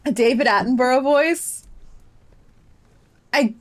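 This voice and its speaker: A woman's voice: sits high, slow. A woman streaming a game, chatting casually and laughing at herself as she plays. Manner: chatty, self-deprecating, laughs often. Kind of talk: casual live game commentary.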